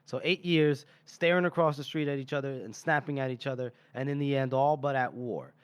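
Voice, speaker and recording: A man's voice: mid-range voice, steady tone, a little fast, clear, resonant tone, no room sound. A man co-hosting a podcast, casually retelling a book chapter and briefly quoting the characters, with the odd swear word. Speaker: podcast co-host. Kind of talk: casual book-club recap.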